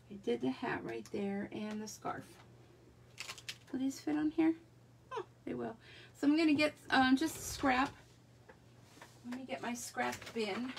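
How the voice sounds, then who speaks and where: Against a noisy background, a woman with a medium-pitched voice and some vocal fry chats through a live card-making demo, talking to herself while she works.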